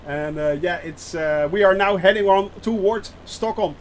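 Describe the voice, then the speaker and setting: A man with a notably high voice commentates his flight-simulator stream, talking to viewers in loose, filler-heavy sentences. He often restarts his phrases. Faint noise sits under the recording. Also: fairly even intonation, measured pace, few pauses. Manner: chatty, lots of fillers, reads chat aloud; nervous about landing. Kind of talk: live gameplay commentary.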